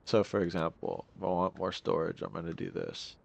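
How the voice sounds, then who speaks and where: A man's voice: low-pitched, little pitch movement, fairly quick, vocal fry. A young man giving casual gameplay commentary, rambling and complaining in exasperation as he plays.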